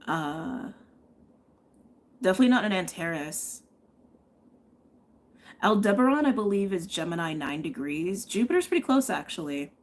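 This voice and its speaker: A woman with a lowish, expressive voice speaks at a moderate pace, pausing often. She's a tarot reader doing a live tarot and astrology reading, chatting and thinking aloud and frequently checking in with "okay?".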